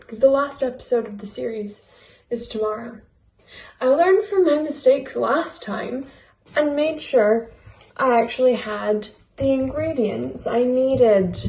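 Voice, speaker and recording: A woman's voice: a little high, dark tone, echoey room, distant mic, a little hiss or hum, low-quality recording. A woman chatting casually while baking for her channel, playful and goofy. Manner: playful, goofy, makes silly noises. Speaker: YouTuber baking on camera. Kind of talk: casual baking vlog chat. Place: home kitchen.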